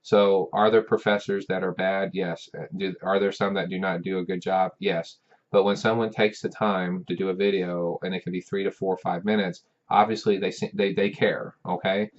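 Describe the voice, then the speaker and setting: Man, very low voice, professor talking to students, rambling, repeats himself, dull lo-fi sound. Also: flat delivery, normal speed. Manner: rambling, repeats words, direct address. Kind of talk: casual talking-head advice.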